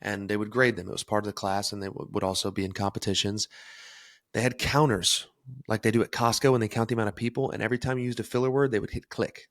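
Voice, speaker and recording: Young man, low voice, emphatic podcast host, dry close sound. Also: fast talker, no room sound. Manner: energetic, emphatic, self-described as fired up. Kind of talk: solo podcast talk on self-improvement.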